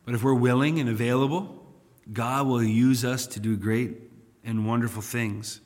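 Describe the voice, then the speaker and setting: A male pastor leads a Bible study in a relaxed, conversational way. He turns louder and more emphatic when he reads scripture aloud. His voice sits at a middling pitch, and long reverb trails each phrase as in a big hall. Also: normal speed.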